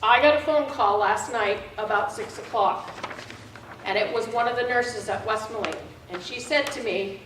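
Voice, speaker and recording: A woman's voice: a little high, moderate pace, background noise. A woman speaking at a public meeting, telling an emotional personal story about her mother. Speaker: public commenter. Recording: echoey hall, mic far off.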